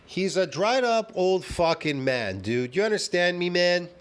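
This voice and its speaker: A man with a fairly high voice launches into a heated, profanity-laden reaction rant. He hammers the same points again and again, cursing in almost every sentence, and sounds openly scornful. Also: sing-song, a little slow, noisy background. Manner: heated, swearing, repetitive ranting. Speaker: fitness commentator reacting to a video.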